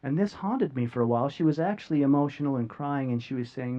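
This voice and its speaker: A man giving an emotional talk to a live audience, earnest and heartfelt, often halting with repeated words and long pauses. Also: medium pitch, mellow, muffled recording. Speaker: speaker sharing a near-death experience. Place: stage before a live audience.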